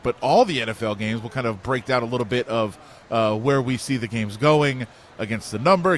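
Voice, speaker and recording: A man's voice: medium pitch, fairly bright tone, a little hiss or hum. A man hosting a casual sports talk show, easygoing and full of filler uhs as he sets up segments. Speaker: sports radio host.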